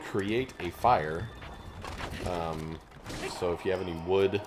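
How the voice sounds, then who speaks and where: A man's voice: deep voice, takes it slowly, over music. A man chatting casually as co-host of a game playthrough, rambling and hesitant with many restarts, and coughing now and then from a lingering chest cold. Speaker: co-host commenting on gameplay. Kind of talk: casual let's-play chat.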